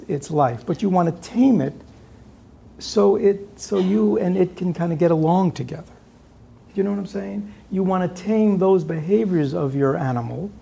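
A man giving a dharma talk to an audience, pausing often on fillers and checking in with rhetorical questions. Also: fairly high pitch, vocal fry, warm tone, husky. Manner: halting, with many filler pauses. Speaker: dharma teacher.

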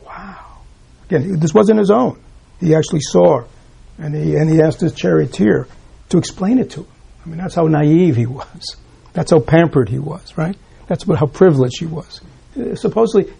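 Gravelly-voiced man giving a dharma talk. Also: fairly high pitch, low-quality recording. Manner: reflective, with rhetorical questions, often dropping to a hush. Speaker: Buddhist teacher. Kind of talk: dharma talk to a live audience. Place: room with a gathered audience.

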